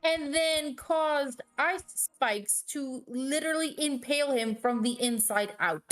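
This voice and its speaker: A woman tells a story with a lot of life in it, swearing freely and laughing as she goes. Her voice sits a bit higher than most. Soft music plays behind her. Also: slow. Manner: animated and expressive, swears freely, laughs often. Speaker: friend recounting a tabletop game session. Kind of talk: casual storytelling on a stream.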